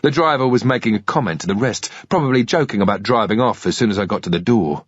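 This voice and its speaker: Husky-voiced man reading a thriller. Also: lowish voice, no room sound, dull audio. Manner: steady, measured first-person narration. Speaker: audiobook narrator.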